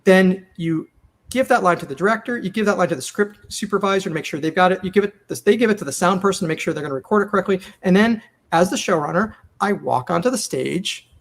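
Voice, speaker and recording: Animated high-voiced male showrunner. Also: fast talker. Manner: animated, acts out quoted lines. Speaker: TV comedy writer and showrunner. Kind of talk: casual storytelling interview.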